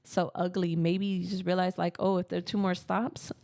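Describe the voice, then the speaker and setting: A woman in her thirties co-hosting a casual spiritual podcast, telling personal stories earnestly in quick bursts. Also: on the low side, flat delivery, gravelly, a little mellow. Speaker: podcast co-host.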